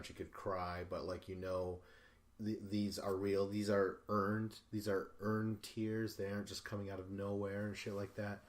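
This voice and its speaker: A male podcast host talking alone in a loose, rambling recap, swearing freely and stumbling through fillers and restarts. His voice sits fairly low. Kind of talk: casual solo recap.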